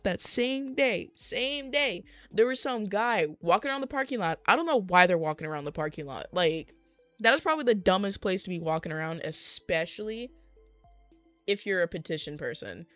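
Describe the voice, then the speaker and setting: In a mid-range, slightly bright voice, a young adult craft livestreamer rambles through a long, exasperated story as they craft, voicing what others said.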